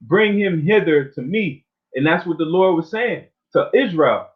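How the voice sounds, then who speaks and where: A man preaching an informal sermon, reading scripture slowly and then talking it over loosely, often ending lines with "man.". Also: on the high side, lively intonation. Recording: phone-like narrow sound.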